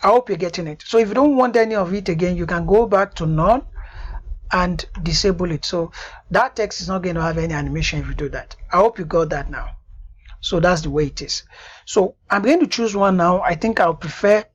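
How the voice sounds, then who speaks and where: A woman giving a screen-recorded software tutorial, stopping often to check that the viewer understands. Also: on the low side, fairly quick, slightly rough. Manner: repeatedly checks "do you understand that now?".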